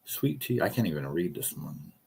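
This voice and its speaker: A man's voice: deep voice, big pitch swings, normal speed, creaky, mellow, slightly rough. A man rambling through casual live-stream commentary, jokey and profane, telling stories.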